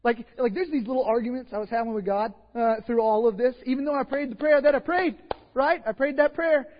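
High-voiced Texan pastor in a reverberant hall. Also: male voice, fairly quick. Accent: Texas. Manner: animated, swings from hushed asides to loud bursts. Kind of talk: sermon storytelling. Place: church sanctuary. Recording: dull, lo-fi church hall recording with long reverb.

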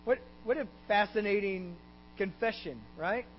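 High-voiced Texan pastor preaching. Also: male voice, moderate pace. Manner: animated storytelling, voicing characters in the scripture. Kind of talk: sermon. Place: church. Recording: dull recording with mains hum.

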